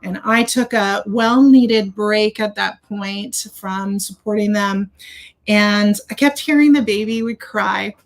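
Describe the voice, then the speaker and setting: A woman's voice: mid-range voice, slow pace. A middle-aged woman doula telling a birth story in casual chat, acting out the voices of the people in it. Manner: animated storyteller, acts out quoted voices.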